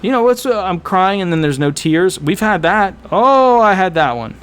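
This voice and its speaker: A man speaking as a disability attorney, giving casual, animated advice to viewers, emphatic and repetitive with frequent fillers. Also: sits high, moderate pace, clean tone. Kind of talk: casual advice talk to camera.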